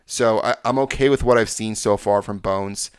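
A man's voice: on the low side, fairly even intonation, normal speed, clean tone, no room sound, studio quality. A man hosting a sports podcast, confidently breaking down games and stats in casual talk. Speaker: podcast host.

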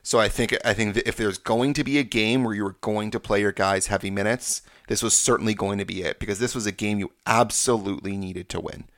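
Man, low voice, dry close sound, casual sports podcast analysis, stat-heavy. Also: steady tone, fairly bright tone, no room sound. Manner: confident, rapid-fire breakdown of stats. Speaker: podcast host.

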